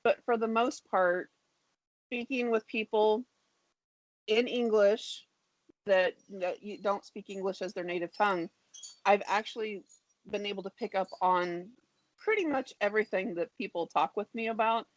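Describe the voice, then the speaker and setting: A woman in her fifties with an American accent, calmly explaining things as a guest on a video call. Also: medium pitch, normal speed, muffled recording. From United States. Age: 50s. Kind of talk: casual conversation on a video call.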